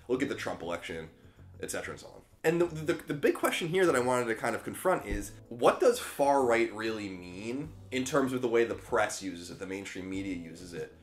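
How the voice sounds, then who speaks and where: An American man in his thirties hosting a solo political commentary video from a spare bedroom, casual and emphatic, slowing down to stress his points. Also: fairly low pitch. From United States. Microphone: camera in a small room.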